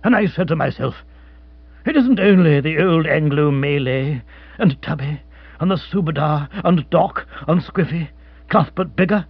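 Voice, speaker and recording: A man reading an audiobook who voices a crushed but gallant British colonial hunter, talking low and earnestly, often in a mutter. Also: lively intonation, measured pace, slightly rough, dry recording, exaggerated voice. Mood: ashamed. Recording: dull, dry close recording.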